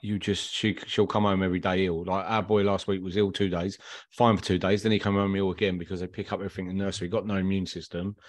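A man's voice: sits low, little pitch movement, fast, no room sound. A man in his thirties co-hosting a football podcast with a slight cold, chatting casually with lots of uh fillers. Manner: chatty, says uh a lot, rambling. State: has a cold, croaky throat. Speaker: podcast co-host. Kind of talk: casual chat.

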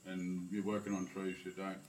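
A man's voice: low-pitched, monotone, normal speed, crowd noise, poor audio. An Australian man who teaches bonsai workshops, chatting casually on a podcast with a joking, matey manner.

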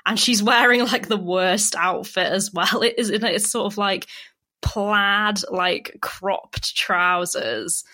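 A chatty young woman talks through a TV episode with her co-host. Her voice sits at a middle pitch, and she laughs often and acts out the characters' lines. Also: steady tone, slow pace, bright, forceful tone. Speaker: podcast co-host. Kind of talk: casual chat recapping a TV episode.

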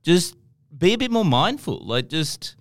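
Brief: Australian male co-host, resonant clean voice, expressive, dry close studio sound. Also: high voice, a little slow, no echo. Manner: mock-earnest, keeps agreeing. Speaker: podcast co-host. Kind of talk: casual comedic chat.

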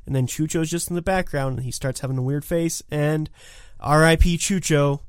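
A man's voice: fairly high pitch, steady tone, normal speed, clear, resonant tone, no echo, clean studio sound. A man co-hosting a podcast, casually recapping a movie with wry, sarcastic asides. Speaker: podcast co-host.

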